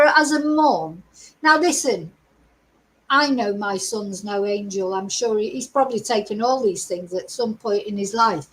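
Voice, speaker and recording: An older woman hosts a true crime live stream, her fairly high voice captured on a low-quality recording. She rambles in a chatty, exasperated way, constantly drifting into asides as she delivers casual commentary for her channel.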